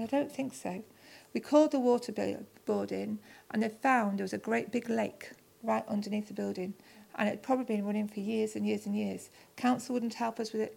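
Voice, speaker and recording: A woman's voice: mid-range voice, vocal fry, darkish tone. A middle-aged woman, telling her story to a church audience and acting out both sides of each conversation.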